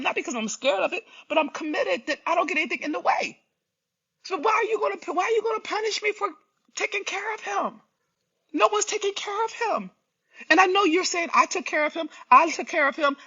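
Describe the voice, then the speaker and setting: High, bright-voiced woman, impassioned and direct. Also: highs cut off. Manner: emphatic, repeats rhetorical questions, slangy and direct. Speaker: healing coach hosting a live stream. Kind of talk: impassioned live-stream monologue.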